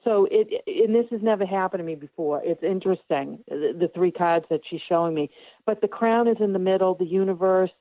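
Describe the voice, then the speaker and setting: Woman guest medium, low-ish voice, calm and reassuring, dry tinny phone line. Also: no echo. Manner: calm, reassuring, explains slowly with fillers. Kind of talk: casual radio interview.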